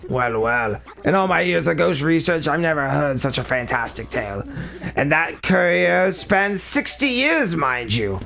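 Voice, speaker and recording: A man's voice: fairly high pitch, very animated, measured pace, gravelly, pushed and bright, heavily acted. A man reading game dialogue aloud while putting on the voice of a fussy, rambling old male ghost scientist. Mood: wondering.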